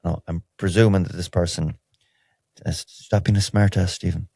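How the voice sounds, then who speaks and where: A man's voice: deep voice, flat delivery, a little fast, vocal fry, dark tone, no echo, clean studio sound. A man with an Irish accent hosting a solo podcast, talking in a candid, wry, rambling way with lots of restarts. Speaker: podcast host. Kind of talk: solo podcast, casual chat.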